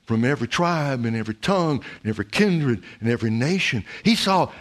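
A male preacher delivering a sermon with slides, speaking with passion and building into long, rapid lists. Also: mid-range voice, animated.

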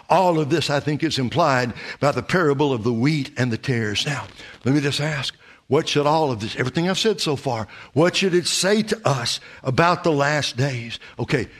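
High-voiced impassioned male preacher. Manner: impassioned, builds to rapid lists. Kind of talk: sermon with slides.

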